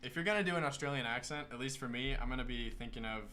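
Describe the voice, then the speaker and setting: Bright, upbeat man hosting a stream. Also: medium pitch, rapid-fire, slight background noise. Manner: upbeat, chatty, enthusiastic. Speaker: host of a live brick-building stream. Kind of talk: casual live-stream chat.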